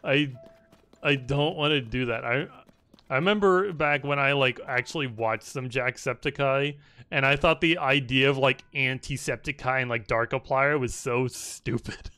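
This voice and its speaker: In a dry recording, a young male gamer's medium-pitched voice comes across sharp and clean at a measured pace. He casually tells a story as he plays, rambling with many restarts and filler words, sometimes swearing and often laughing at his own story.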